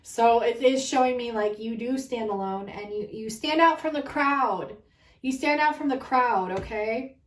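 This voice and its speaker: A woman with a fairly high voice gives a casual card reading to her viewers, emotional and overwhelmed as she talks. She sits back from the mic, and the room is echoey. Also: measured pace, far from the mic. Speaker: tarot card reader.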